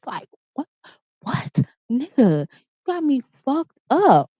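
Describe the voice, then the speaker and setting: A woman's voice: fairly high pitch, sing-song, normal speed, a little mellow, no echo. A woman vlogger telling a heated, profane storytime rant from her room, repeating herself as she gets riled up. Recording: dull, slightly muffled sound.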